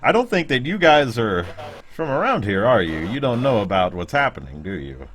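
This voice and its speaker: A man's voice: medium pitch, sing-song, normal speed, a bit bright, a little hiss or hum, pitched above the performer's own voice. A man voicing a dapper, wary middle-aged stranger who speaks cautiously and searches for his words. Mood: uneasy.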